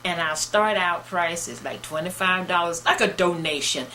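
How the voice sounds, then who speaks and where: A woman representing a local newspaper in a casual interview, briskly explaining its services. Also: on the low side, pushed and bright, a little hiss or hum, low-quality recording.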